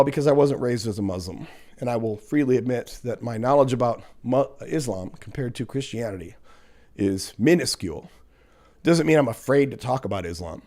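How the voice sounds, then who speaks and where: A man's voice: mid-range voice, warm tone. A man hosting a casual livestream, reading viewer comments aloud and answering them in a blunt, profane, sarcastic way, often laughing at commenters.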